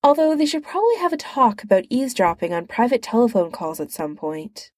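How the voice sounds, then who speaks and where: A woman's voice: fairly high pitch, animated, brisk, darkish tone, no echo, studio quality. A woman narrating fan fiction in a light, amused reading style.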